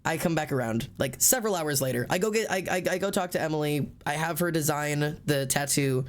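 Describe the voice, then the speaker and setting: A man's voice: on the high side, brisk. A man streaming live, telling a long story in a casual, profane way and acting out the people in it. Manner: animated, profane, quotes people in lively put-on voices.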